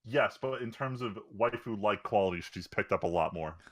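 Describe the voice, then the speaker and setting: Low-voiced man with dry quips. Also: normal speed. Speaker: podcast co-host. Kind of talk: casual podcast chat.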